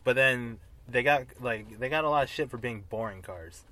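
A man's voice: mid-range voice, bright, forceful tone. A man hosting a casual podcast from a car, easygoing and laughing often, getting eager when he talks about things he likes. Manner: easygoing, quick laugher, enthusiastic about cars. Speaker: podcast host. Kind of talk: casual chat. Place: inside a car.

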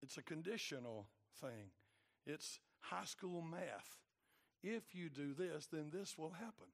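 A man preaching a sermon in a colloquial, emphatic way, moving between quiet asides and loud exhortation. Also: on the high side, animated, takes it slowly.

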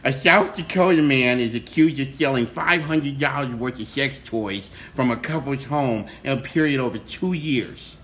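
A man's voice: medium pitch, normal speed, hardly any pauses, a bit bright, slight background noise, low-quality recording. A man hosting a casual comedic chat, reading odd news stories and teasing his co-hosts. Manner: wry, teasing, laughs along. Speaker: host.

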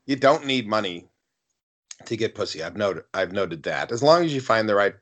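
A man's voice: lowish voice, lively intonation, moderate pace, fairly bright tone. Blunt, swearing man in casual chat. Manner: blunt and profane, tells anecdotes. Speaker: podcast co-host.

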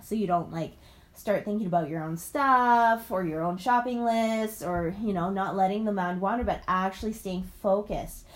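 A woman's voice: mid-range voice, normal speed. A woman yoga teacher chatting enthusiastically in a casual vlog, talking while she moves through yoga poses. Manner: chatty, enthusiastic, rambling with many fillers.

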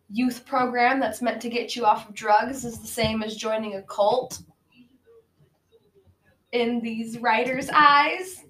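A woman's voice: fairly high pitch, a bit bright, low-quality recording. A woman co-hosting a casual podcast, rambling through a bad movie's plot with many fillers and frequent laughs. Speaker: podcast co-host. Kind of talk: casual movie-riffing chat.

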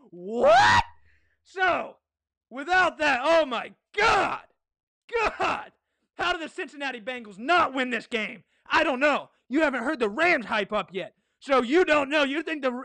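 A high-pitched podcast host with a gravelly edge runs a hyped-up sports preview. The voice is bright and forceful, recorded dry and close. The host talks excitably, shouting and firing off rhetorical questions. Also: no echo. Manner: excitable, shouts, keeps asking "What?".

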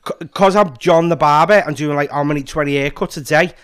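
A man's voice: on the high side, brisk, fairly bright tone, smooth. A man chatting bluntly in a casual talk, swearing often. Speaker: podcast guest, barber. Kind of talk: casual chat.

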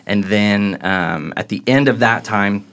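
A young man from Southern Illinois with a Midwestern accent and a low voice talks easily as a podcast guest. He tells his story in a relaxed, self-deprecating way. He pauses on "um" as he goes. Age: young adult. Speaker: associate pastor, podcast guest. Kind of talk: casual conversational storytelling.

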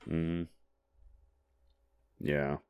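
A man's voice: rumbling low, little pitch movement, extremely slow, darkish tone, smooth, no room sound, faint music behind. A man chatting casually on a podcast, rambling and hesitant with lots of filler words and casual swearing. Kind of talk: casual chat.

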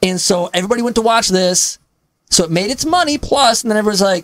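A woman co-hosting a movie podcast, her pitch swinging widely as she argues her point with skeptical energy. She laughs often between remarks. The sound is dry and close. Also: animated, fast talker, no echo. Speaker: podcast co-host. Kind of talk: casual movie discussion.

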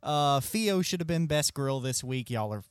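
A man's voice: mid-range voice, expressive, moderate pace, smooth, no room sound. A man trades joking, teasing, slangy banter on a casual podcast. His voice sits in a middle range. It is recorded close and completely dry. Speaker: podcast co-host.

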